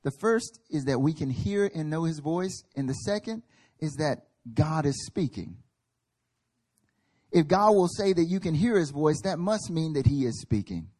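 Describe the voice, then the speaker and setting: Guy preaching at church, voice on the high side, gets loud and punchy. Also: lively intonation, a little slow. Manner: emphatic, builds in volume, acts out quotes. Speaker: pastor. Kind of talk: sermon. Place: church service hall.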